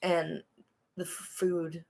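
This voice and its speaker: A woman's voice: on the low side, level tone, slow pace, vocal fry, darkish tone. A woman co-hosting a podcast in casual recap chat. She is chatty and rants with mock exasperation. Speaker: podcast co-host.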